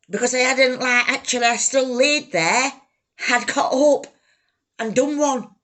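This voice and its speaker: A woman telling her own life story, halting, raw and emotional, swearing freely. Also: sits high, fairly bright tone. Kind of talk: personal life story told to camera.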